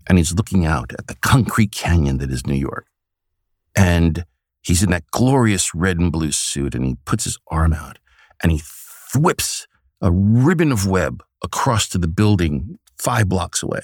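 Man impersonating an exuberant old comics legend; lively, gravelly, theatrical. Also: low-pitched, normal speed, dry recording, clean studio sound, exaggerated voice. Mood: storytelling. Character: exuberant elderly male comics legend, mentoring.

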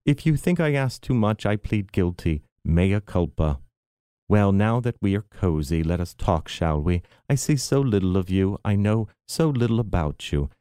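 A man's voice: fairly low pitch, expressive, normal speed, mellow, smooth, no echo, clean studio sound, natural voice. A man voicing a theatrical, bitter, self-pitying aging mother in an arch, mannered way.

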